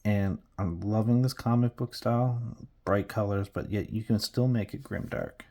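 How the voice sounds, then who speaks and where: A man's voice: fairly low pitch, normal speed, dark tone. A man chatting casually and rambling as he paints miniatures at his hobby desk, trailing off and restarting often.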